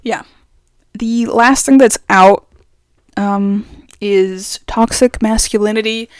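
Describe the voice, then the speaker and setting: A young adult trans man chatting casually as a vlogger, rambling and expressive, his voice going up and down, speaking very close to the mic. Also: sits high, slow pace, clean tone, dry recording. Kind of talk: casual chat.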